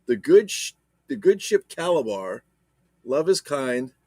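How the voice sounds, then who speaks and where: Brief: man doing a hammy, jolly mock-Irish sea-song crier, thick put-on brogue, stretched sing-song words, lively pitch. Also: unhurried, no room sound, heavily acted. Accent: put-on Irish, self-admittedly poor.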